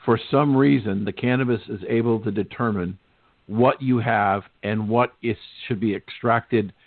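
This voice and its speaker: A man's voice: mid-range voice, moderate pace, no room sound. A male radio host interviewing a guest, polite and a bit hesitant, repeating words and telling a story to set up questions. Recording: tinny phone-like line, dry.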